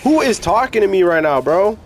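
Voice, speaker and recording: A young man giving casual, excitable, slangy commentary while playing a video game. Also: high voice, fairly quick, faint music behind. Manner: excitable, yelling, slangy, hype. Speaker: gaming streamer.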